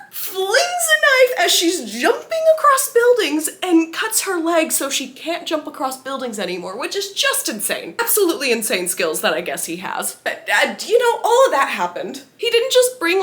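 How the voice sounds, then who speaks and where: A young woman gushing through a spoiler-filled book review. She is animated and quick to laugh, and her bright, higher voice swings widely in pitch as she reacts with exaggerated disbelief. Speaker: book vlogger.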